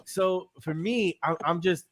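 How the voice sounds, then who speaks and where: A man's voice: high-pitched, a little slow. A man chatting about sports on a podcast, rambling with lots of fillers. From United States. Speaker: podcast analyst. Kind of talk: casual sports talk.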